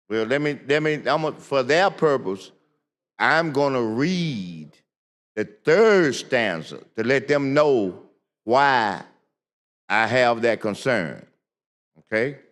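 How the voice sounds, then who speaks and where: An older man, a state senator, speaking slowly and deliberately in a floor debate, repeating words for emphasis. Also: mid-range voice, fairly bright tone. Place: legislative chamber. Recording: long reverb of a large chamber.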